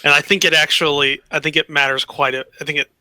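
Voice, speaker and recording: Man, game master, very bright tone, dry sound, casual talk, repeats himself. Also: on the high side, level tone, quick pace, no room sound. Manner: repeats himself, restarts sentences. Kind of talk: casual tabletop game chat.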